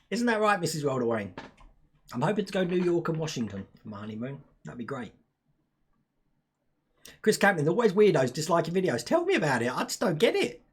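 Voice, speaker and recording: A husky man in his younger years chats loosely on a live stream, breaking into laughs and reading viewers' comments aloud. His talk rambles with a relaxed, homely feel. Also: on the high side. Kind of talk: casual live-stream chat.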